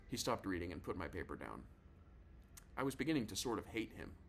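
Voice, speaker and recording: A man reads a novel aloud in a casual, confiding first-person voice. His pitch sits on the low side, and a faint noise runs under the recording. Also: big pitch swings, fairly quick. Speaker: audiobook narrator.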